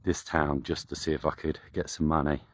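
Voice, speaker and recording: A man's voice: a bass voice, flat delivery, a little fast, no echo, clean studio sound. A man quoting a grateful homeless man he met, in a humble, apologetic way. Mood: resigned.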